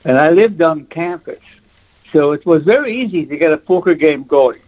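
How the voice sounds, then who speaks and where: A man's voice: a little high, expressive, normal speed, darkish tone, poor audio. A man in his eighties from French Canada, whose first language is French, telling rambling stories as an interview guest. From French Canada, Quebec. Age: 80s. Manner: rambling, reminiscing, chuckling. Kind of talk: casual interview storytelling.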